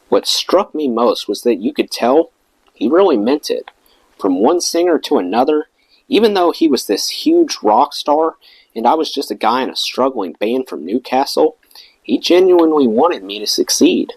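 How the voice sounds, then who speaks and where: A man reads a memoir aloud with a lively, swinging delivery at a middling pitch. His voice sits close and dry, with no room around it. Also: moderate pace, vocal fry, breathy edge, no echo, rough recording. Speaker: audiobook reader.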